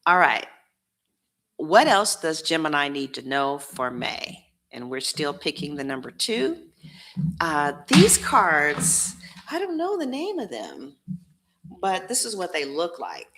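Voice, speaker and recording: Blunt, slow-talking woman tarot reader. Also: low voice, animated, a bit bright. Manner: blunt and preachy, with slangy asides. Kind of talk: casual tarot reading.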